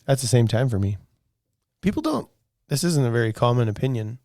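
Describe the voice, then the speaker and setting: A man's voice: mid-range voice, sing-song, a little fast, darkish tone, no room sound. Male podcast co-host, laid-back joking banter, dry close sound. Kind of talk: casual podcast chat.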